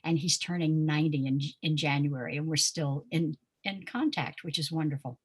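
An older woman from Pensacola tells stories as an interview guest. Her low voice carries a husky edge, and she talks conversationally with plenty of ums and uhs. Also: moderate pace. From Pensacola, Florida. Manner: warm storytelling with frequent ums and uhs. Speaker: interview guest, dance teacher.

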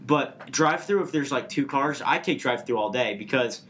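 A man's voice: mid-range voice, animated, fairly quick, fairly bright tone, a little hiss or hum. A man co-hosting a podcast in casual chat, easygoing and agreeable, talking loosely. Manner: easygoing, agreeable, lots of fillers like "like" and "you know". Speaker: podcast co-host.

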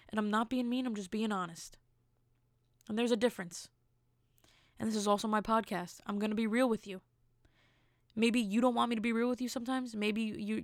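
A woman's voice: medium pitch, gravelly, no room sound, clean studio sound. A woman hosting her own podcast, telling stories in a blunt, candid way with incredulous asides. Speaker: podcast host. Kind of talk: casual solo podcast monologue.

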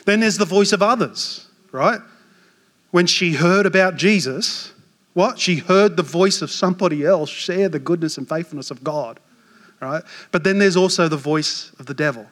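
An Australian man in his forties, a pastor preaching a sermon with animated, self-mocking stories. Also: high-pitched, normal speed. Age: 40s. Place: church hall. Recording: long hall reverb.

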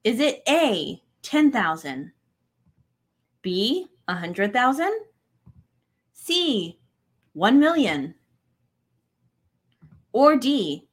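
A woman's voice: a little high, big pitch swings, extremely slow, long pauses. A woman co-hosting a casual quiz chat, reading questions plainly with small jokes. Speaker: co-host.

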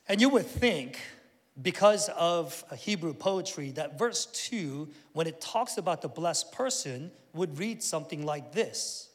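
Animated high-voiced pastor in reverberant hall. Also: male voice, measured pace. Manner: animated storytelling, acting out family voices. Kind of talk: sermon.

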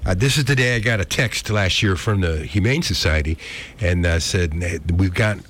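A man chatting casually on a radio show, halting and full of fillers. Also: sits low, fairly bright tone.

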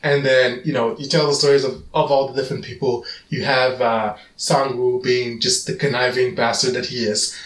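Podcast co-host: a man of middle pitch, lively and opinionated, recorded a bit off-mic in a roomy space. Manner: animated, quick rambling opinions. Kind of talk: casual chat. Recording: roomy sound, mic at a distance.

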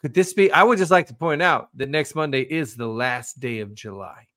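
A man co-hosting a casual political podcast, chatty and quick to jump in with asides. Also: mid-range voice, fairly bright tone. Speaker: podcast co-host.

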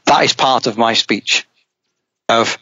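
A middle-aged man, a rally driver, telling a long anecdote in casual talk, lively and rambling, with many restarts. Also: medium pitch, slow pace, husky, dry recording. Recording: dull, dry podcast audio.

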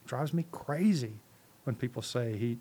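Speaking as a guest on a podcast, this ministry leader preaches with passion and a conversational feel, repeating words and asking rhetorical questions. His medium-pitched voice is animated and dark with a breathy edge, delivered at a normal speed.

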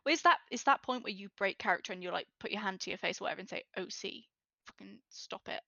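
A woman chatting as a podcast guest, telling lively stories and acting out what people said. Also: mid-range voice, very fast, no echo, highs cut off. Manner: lively storyteller who acts out quotes. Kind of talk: casual chat.

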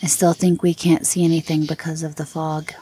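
Soft-spoken woman, gentle and patient. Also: low-pitched, little pitch movement, fairly quick, a little hiss or hum. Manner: gentle, patient, often hushed. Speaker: investigator in a spirit box session. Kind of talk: soft-spoken session talk.

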